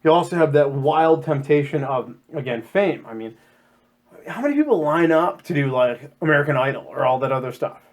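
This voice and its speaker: A man co-hosting a casual podcast chat about scripture, jokey and animated, often acting out quotes in silly voices. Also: a little high, fairly quick. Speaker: podcast co-host.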